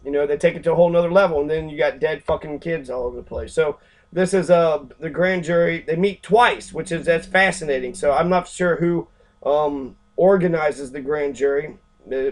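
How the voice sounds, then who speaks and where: A man's voice: a little high, poor audio. A man from Kentucky giving angry, profane casual commentary on civics, ranting with many fillers. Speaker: civics vlogger.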